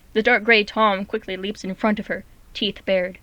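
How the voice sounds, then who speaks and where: A woman reading her own story aloud as a steady, clear narrator. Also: medium pitch, normal speed, hardly any pauses, no room sound.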